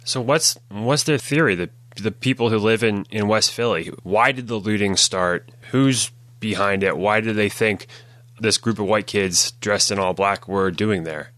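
A man's voice: lowish voice, normal speed, a bit bright, no room sound. A male host asking probing questions in an interview.

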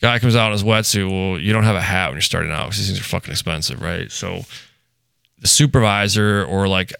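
A man's voice: low-pitched, fairly quick, vocal fry, fairly bright tone, smooth, no echo, clean studio sound. A man, a commercial diver, telling stories in casual, profane podcast chat, laid-back and rambling.

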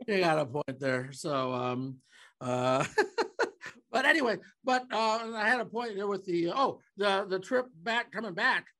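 Animated, bright-voiced podcast co-host. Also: male voice, sits high, a little slow. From Omaha, Nebraska. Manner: joking, teasing banter. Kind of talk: casual chat.

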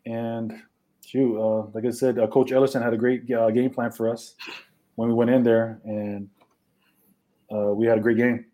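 Man, from Hawaii, former football player, interview guest, mellow warm voice, relaxed. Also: medium pitch, normal speed. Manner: relaxed, many "you know" and "uh" fillers. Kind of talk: casual interview.

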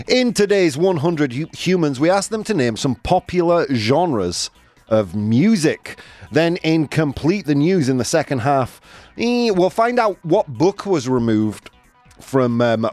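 In a radio studio with no echo, a male host does live banter in a medium pitch, energetic and chatty, laughing often and sounding a bit out of breath.

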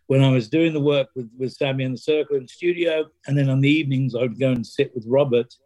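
A middle-aged Englishman answers interview questions at an unhurried, storytelling pace. His voice is mellow and dark, and he starts over often and slips into quoted dialogue as he goes. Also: medium pitch. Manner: halting, many restarts and fillers, acts out quoted lines. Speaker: interview guest, drummer. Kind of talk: conversational storytelling.

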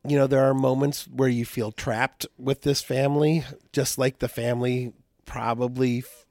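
A man in his fifties, a stand-up comedian, co-hosting a casual movie review chat in a relaxed, musing way with many fillers. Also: mid-range voice, moderate pace, no room sound, studio quality. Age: 50s. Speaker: podcast co-host, stand-up comedian.

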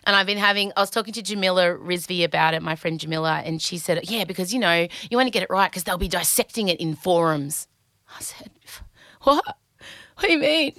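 Candid Australian woman, bright dry voice. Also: fairly low pitch, quick pace, hardly any pauses, dry recording. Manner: candid, anxious, chatty and swears freely. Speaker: podcast host. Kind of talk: casual podcast monologue.

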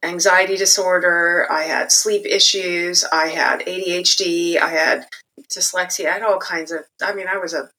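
A middle-aged woman telling her life story candidly and reflectively, growing animated when she quotes others. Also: on the low side, normal speed, rough recording. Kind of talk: personal storytelling interview.

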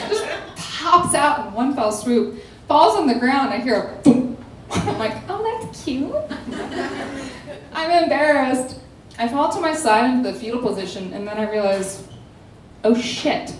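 A young woman with a high voice tells a personal story in a dramatic, animated way, acting out every quote with laughing asides. She sits back from the mic in an echoey room, with faint room noise behind her. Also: far from the mic. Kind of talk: casual storytelling.

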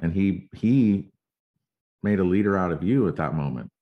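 A male interviewer with a very low voice reflects warmly on his guest's story and affirms it. The recording sounds muffled and lo-fi. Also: animated, moderate pace. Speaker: interviewer, host. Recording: dull lo-fi sound.

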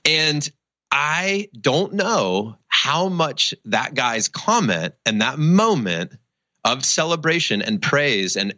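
A man's voice: mid-range voice, sharp tone, no room sound. A middle-aged man, a charity founder and interview guest, telling a personal story and acting out the quotes.

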